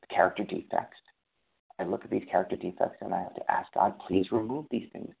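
A man's voice: on the low side, creaky, breathy edge. A man sharing about recovery in a rambling, self-correcting, conversational way. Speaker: recovery program member sharing. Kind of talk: casual spiritual recovery talk. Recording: tinny phone-like sound.

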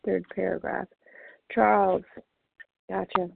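A woman chairing a recovery meeting, brisk and organized, calling and repeating names. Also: mid-range voice, level tone, creaky, slight background noise. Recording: tinny phone line.

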